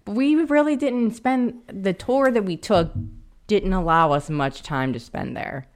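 A woman's voice: mid-range voice, a little slow. A woman co-hosting a horror podcast, giggling and getting flustered while she is teased in casual banter. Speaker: podcast co-host.

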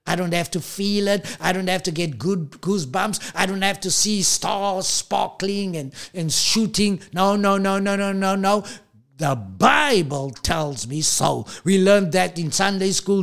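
A man preaching a sermon as pastor, emphatic and repetitive, slowing down to stress key lines. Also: high voice, gravelly.

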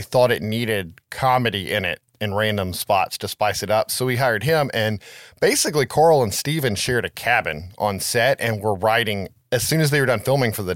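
A man's voice: fairly low pitch, a bit bright, no echo. Swearing rambling podcast guy, dry sound. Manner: rambling, swears freely, lots of "like" and "right?". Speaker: podcast co-host. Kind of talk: casual podcast chat about a film.

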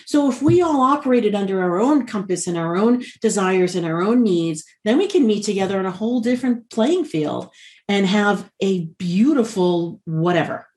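A woman talking as a podcast guest in an emphatic, animated way, speaking over a video call. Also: mid-range voice, moderate pace. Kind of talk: casual podcast conversation.

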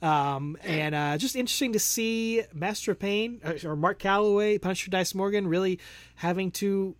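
Chatty podcast host on a dry mic. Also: male voice, high-pitched, moderate pace, dry recording. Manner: chatty, laughs often, rambling. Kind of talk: casual chat.

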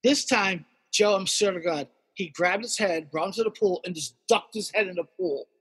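High-voiced, husky, swearing storyteller man. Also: normal speed, big-room sound. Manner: animated storytelling, heavy swearing, acts out the characters. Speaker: guest storyteller. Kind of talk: casual podcast chat.

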